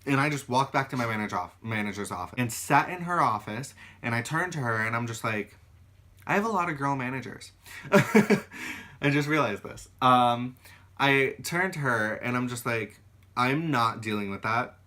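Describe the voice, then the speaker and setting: Bright-voiced young man telling stories. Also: mid-range voice, normal speed. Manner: animated, swears freely, acts out quoted arguments. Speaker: YouTuber. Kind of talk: casual storytelling.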